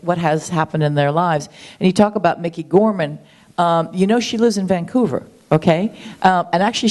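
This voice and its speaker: Woman, 60s, low voice, guest interview, chatty, keen, full of ums. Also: darkish tone. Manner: chatty, enthusiastic, with frequent ums and restarts. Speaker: guest, author and marathon runner. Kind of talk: conversational interview.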